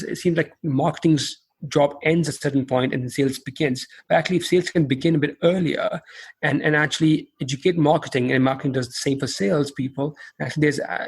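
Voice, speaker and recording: A man answering interview questions as a company founder, halting and often repeating words as he goes. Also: on the high side, slightly rough. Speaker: podcast guest, company founder.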